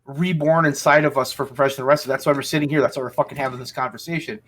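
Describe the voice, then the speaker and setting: A man's voice: mid-range voice, steady tone, racing, a bit bright, a little hiss or hum. A man hosting a casual podcast chat, ranting angrily and swearing heavily. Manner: angry ranting, heavy swearing. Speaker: podcast host.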